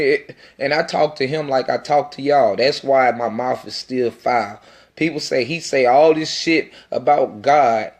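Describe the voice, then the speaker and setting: A man speaks straight to his audience in a loose, self-recorded monologue. His talk is intense and rambling, and he swears freely. His pitch sits in an ordinary middle range for a man. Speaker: independent rapper.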